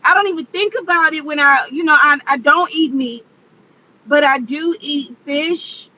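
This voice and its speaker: A woman's voice: high-pitched, moderate pace, sharp tone. A tearful woman vlogging to her viewers, rambling and exclamatory, repeating herself as she talks it through. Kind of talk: emotional confessional vlog. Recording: dull lo-fi recording.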